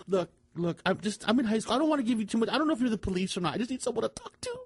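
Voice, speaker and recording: A man's voice: big pitch swings, slightly rough, exaggerated voice. A man playing a fake runaway teen boy on a prank call, who stammers and rambles. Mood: rambling. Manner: halting, stammering, mumbly and low. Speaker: prank caller.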